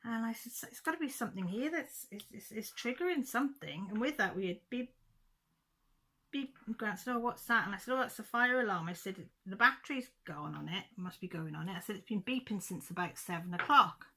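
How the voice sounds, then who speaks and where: Middle-aged woman, chatty storyteller, gravelly low voice with a bright edge. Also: animated, fast talker, few pauses. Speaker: craft vlogger. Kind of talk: casual chat.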